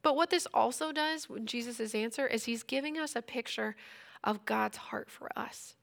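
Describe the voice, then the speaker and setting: A woman's voice: a little high, normal speed, creaky, fairly bright tone. A woman in her thirties teaching a Bible passage in a casual, conversational way. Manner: conversational, retells scripture in everyday speech.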